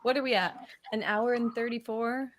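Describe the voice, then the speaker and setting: A woman's voice: a little high, steady tone, moderate pace, a little hiss or hum. A woman co-hosting a casual live-stream chat, teasing her guests with crude jokes and laughing often. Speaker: stream co-host.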